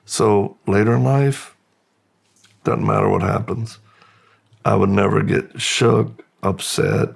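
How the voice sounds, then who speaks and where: A man from the United States, a guest in an interview, slowly and reflectively telling his life story with pauses and restarts. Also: lowish voice, fairly even intonation, gravelly, breathy edge.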